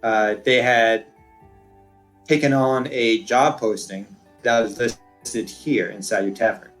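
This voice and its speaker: A man's voice: mid-range voice, steady tone, slow pace, fairly bright tone, soft background music. Male player as a firm, no-nonsense retired woman cop. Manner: firm, businesslike. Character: stern older female retired cop.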